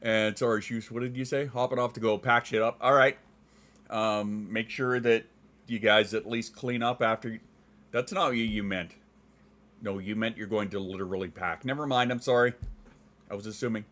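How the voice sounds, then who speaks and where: Casting note: middle-aged Western Canadian guy, lowish voice, crisp ex-DJ diction, jokey stream chat. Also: fairly even intonation, moderate pace, a bit bright. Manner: clear enunciating, trained voice; joking, dad jokes. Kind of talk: casual chat reading viewer comments.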